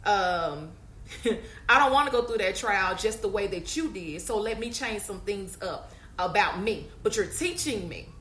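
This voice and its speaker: A woman gives a casual faith talk on her podcast, speaking directly to her listeners in a chatty, preachy way. Her voice is bright and forceful. The recording is roomy and echoey, with a faint hum underneath. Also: mid-range voice, expressive, measured pace. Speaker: podcast host.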